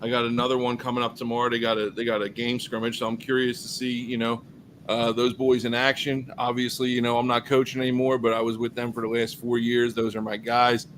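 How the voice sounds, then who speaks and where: On a football podcast, a male co-host chats loosely about sports in a medium-pitched, brisk voice packed with fillers. He sounds animated and easygoing, though the audio is poor, with a slight hiss or hum.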